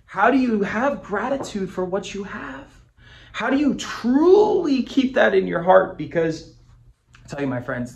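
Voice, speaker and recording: A man giving a punchy, emphatic motivational talk to camera as a business coach, repeating phrases and swearing casually. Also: high voice. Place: indoor office with a whiteboard. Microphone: camera mic.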